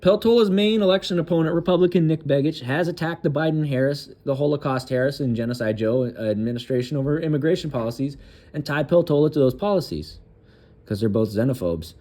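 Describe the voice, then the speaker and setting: A man's voice: on the high side, warm tone. Sarcastic man reading news with crude asides. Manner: loose, halting reading with fillers and restarts. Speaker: political commentary host. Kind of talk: reading a news article aloud with commentary.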